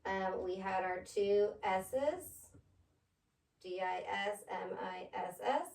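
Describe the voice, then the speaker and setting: Slow, patient woman tutoring phonics. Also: medium pitch, vocal fry, a little mellow, recorded from a distance. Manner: slow, patient, spells words letter by letter. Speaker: reading tutor. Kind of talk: one-on-one phonics lesson. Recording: echoey room, voice off-mic.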